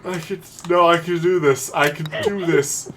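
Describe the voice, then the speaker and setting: A woman's voice: lowish voice, steady tone, normal speed, background noise. A young adult woman streaming a game live, swearing and pleading at it in exasperation. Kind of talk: live-streamed gameplay chat.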